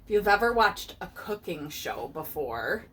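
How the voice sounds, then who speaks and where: A woman reading a picture book aloud to her child, pausing to explain idioms and acting out the characters. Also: on the low side, big pitch swings, a bit bright, slight background noise.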